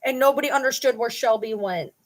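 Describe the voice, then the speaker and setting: A woman's voice: a little high, a little fast. A middle-aged woman hosting her own vlog, talking casually and ranting at viewers in an indignant, sarcastic, challenging way. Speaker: channel host.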